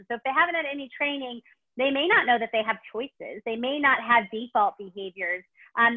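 Chicago-accented woman on a tinny call. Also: a little high. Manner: gushing, rambling, many ums. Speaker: dog trainer guest. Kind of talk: webinar Q&A answers. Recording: tinny phone-like call audio.

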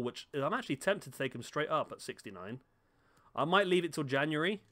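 A man's voice: a little high, sing-song, brisk, pushed and bright. A man giving casual, chatty commentary on a football game at home, talking to the players on screen and joking at himself. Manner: chatty, self-mocking, talks to the players on screen. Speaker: gaming YouTuber. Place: home room.

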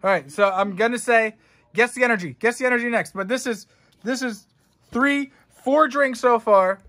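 A man's voice: extremely high pitch, moderate pace, pushed and bright. Jokey young man rambling through an unboxing. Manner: rambling, jokey and profane, talking to chat. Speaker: streamer unboxing trading cards. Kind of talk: casual unboxing commentary.

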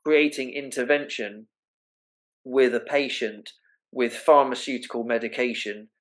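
A man's voice: medium pitch, steady tone, unhurried, fairly bright tone, low-quality recording. A man, an osteopath and naturopath speaking earnestly and emphatically as an interview guest. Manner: earnest, emphatic, explains with acted-out examples. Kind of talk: interview conversation.

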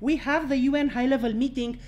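Outspoken high-voiced woman addressing the press. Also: a little fast, muffled recording, slight background noise. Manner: blunt, outspoken, swears freely; animated and outraged, laughing between points. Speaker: speaker at a press conference. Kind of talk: impassioned press conference address.

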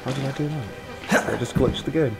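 A man doing jokey, excitable let's play commentary, yelping and swearing when startled. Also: medium pitch, fairly quick, creaky, faint music behind. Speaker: gaming channel host.

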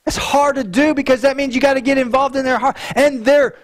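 A man's voice: extremely high pitch, steady tone, a little fast, few pauses. A male pastor preaching a sermon in an earnest way, often repeating words as he restarts a thought.

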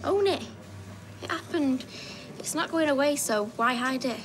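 A woman's voice: sits high, lively intonation, measured pace, noisy background. An actress playing a frank, caring woman who comforts a teenager bluntly. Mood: encouraging. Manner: blunt, encouraging. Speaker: soap opera character.

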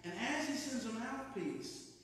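A male preacher delivers a sermon, posing questions and answering them with earnest conviction. His voice sits high for a man. The sound comes from some way off the mic, washed in the long, ringing echo of a church sanctuary. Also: lively intonation, a little slow, a bit bright. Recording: echoey church hall, mic at a distance.

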